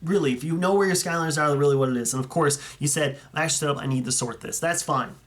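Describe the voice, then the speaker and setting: A man's voice: on the high side, fast talker, a bit bright. Chatty, upbeat young man reviewing photos. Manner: chatty, enthusiastic, rambling with self-corrections. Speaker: YouTuber reviewing fan collections. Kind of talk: casual commentary over viewer photos.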